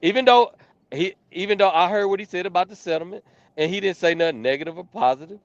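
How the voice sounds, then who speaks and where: A man's voice: high-pitched, fast talker, dry recording. Hesitant man judge, dry dull sound. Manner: hesitant, searching for words. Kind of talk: casual chat.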